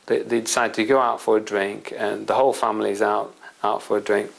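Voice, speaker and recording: A man's voice: on the low side, little pitch movement, brisk, creaky, low-quality recording. A man presenting a self-help system, explaining his point through a rambling everyday anecdote with asides to the listener. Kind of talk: explanatory storytelling talk.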